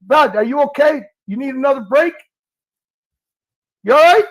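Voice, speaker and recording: Man, livestream host, very high voice, taunting, mocking. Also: animated, moderate pace, low-quality recording. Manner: taunting, mocking, repeats "bud". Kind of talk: heated live-stream argument.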